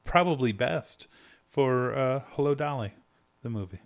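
A young man in a relaxed podcast conversation about films. He delivers dry, deadpan quips and playful disagreements at a middle pitch, with a relaxed, offhand flow. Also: a little slow, gravelly. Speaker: podcast co-host. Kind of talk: casual chat about a film.

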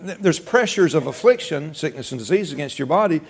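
Gravelly-voiced middle-aged preacher telling stories. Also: male voice, a little high, lively intonation, fairly quick, crowd noise. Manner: folksy storytelling with laughter and quoted dialogue. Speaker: pastor. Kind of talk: sermon.

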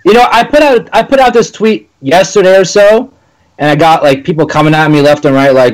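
A man guesting on a wrestling podcast, telling stories casually with quick asides. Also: a little high, low-quality recording.

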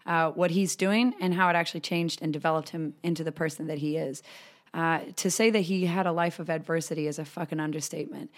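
A woman hosts her podcast in a loose, chatty way, swearing freely as she goes. Her voice sits on the low side for a woman. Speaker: podcast host. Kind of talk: casual podcast intro and chat.

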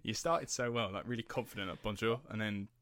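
A man's voice: lowish voice, brisk, a bit bright, dry recording. A man from England co-hosting a casual podcast, rambling through anecdotes and swearing freely. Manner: rambling, swears, laughs at own stories. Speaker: podcast co-host. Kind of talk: casual chat.

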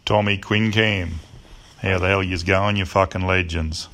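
A man's voice: sits low, fairly even intonation, a little slow, fairly bright tone, a little hiss or hum. A middle-aged man with a Queensland accent calling in to tell a swearing, easygoing yarn. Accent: Australian, Queensland. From Australia. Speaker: caller.

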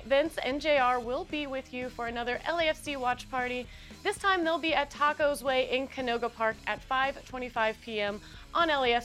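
A woman with a fairly high voice hosts a soccer podcast in a casual, friendly way. Faint music plays underneath her talk. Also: fairly bright tone. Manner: emotional, choked up at a farewell. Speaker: podcast host.

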